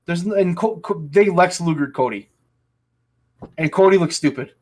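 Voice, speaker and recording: A man's voice: high voice, normal speed, darkish tone. A man hosting a casual podcast chat, ranting angrily and swearing heavily. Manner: angry ranting, heavy swearing. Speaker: podcast host.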